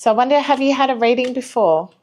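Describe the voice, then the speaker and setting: A woman giving a live tarot reading, reassuring, apologetic and gently chatty. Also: high voice, fast talker. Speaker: tarot reader.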